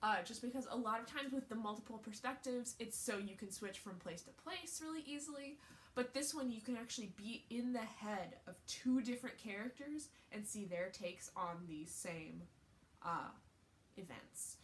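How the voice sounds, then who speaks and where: A woman's voice: a little high, normal speed, slight background noise. A woman book vlogger talking in a casual, rambling way, with lots of fillers and restarts. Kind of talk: casual chat.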